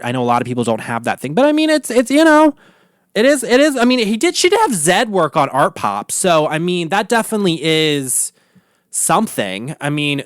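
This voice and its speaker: A man hosting a podcast, ranting about pop culture in an animated, profane, gossipy way. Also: fairly high pitch, no room sound, studio quality. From Baltimore area, USA. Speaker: podcast host. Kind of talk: casual pop-culture rant.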